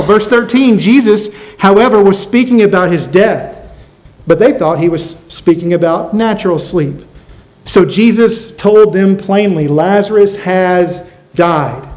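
Man, pastor, sermon, high-pitched, earnest, repeats himself, asks the room questions. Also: a little mellow, poor audio.

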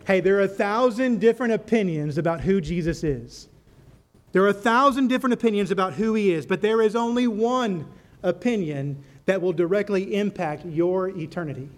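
A man's voice: high-pitched, a little fast. A man preaching a sermon to a live congregation as pastor, repeating rhetorical questions and telling a story to drive his point home. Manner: tells a story to make a point.

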